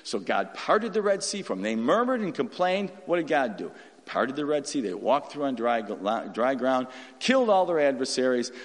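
A man preaching an informal sermon in a folksy, animated way, acting out quotes in different voices. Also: mid-range voice, moderate pace, in a large hall. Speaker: pastor.

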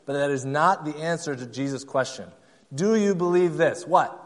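A pastor with a voice on the high side preaches at a moderate pace in a large hall. He stresses his points emphatically, returns to key phrases again and again, and acts out quoted voices.

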